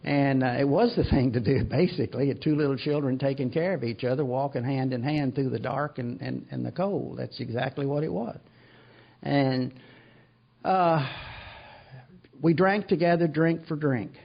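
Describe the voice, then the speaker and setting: Older man, gravelly, rambling self-deprecating storyteller at a recovery meeting; muffled lo-fi sound. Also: medium pitch, normal speed. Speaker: AA speaker. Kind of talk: recovery talk to an audience. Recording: dull lo-fi recording.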